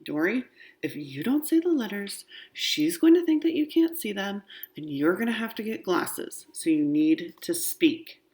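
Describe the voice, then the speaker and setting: A hurried, exasperated mother, firm and scolding as she rushes her child along in a storybook reading, voiced by a woman reading aloud. The voice sits low and gets louder when she insists. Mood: hushed.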